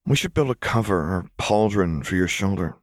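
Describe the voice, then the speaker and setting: A man voicing a patient, gentle young woman who speaks in a soft, soothing, reassuring way in an audiobook fan fiction reading. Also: low-pitched, expressive, normal speed, no room sound, studio quality. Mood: matter-of-fact.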